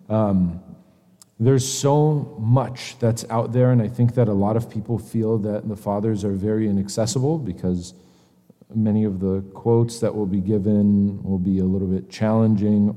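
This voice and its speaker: Mellow-voiced man teaching in a reverberant hall. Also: lowish voice. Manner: earnest, hesitant with frequent pauses. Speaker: church teacher. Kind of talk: conversational religious lecture.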